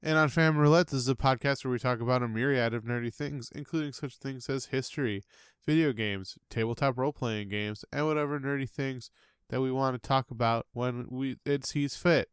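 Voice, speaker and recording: Male podcast co-host, mid-pitched, rambling casual chat, dry close sound. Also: fairly quick, smooth, dry recording.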